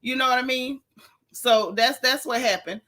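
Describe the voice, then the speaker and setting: Chatty woman streamer with a bright voice. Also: high-pitched, normal speed. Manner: chatty and candid, with Southern slang, reading viewer comments. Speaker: live-stream host recapping a reality show. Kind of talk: casual live-stream chat.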